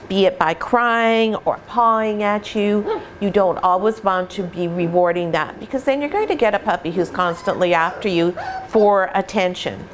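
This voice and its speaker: A woman's voice: medium pitch, slight background noise. Patient middle-aged woman teaching puppy care. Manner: warm, patient explaining with playful voices. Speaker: puppy breeder. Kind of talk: instructional vlog talk. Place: indoors at home with puppies.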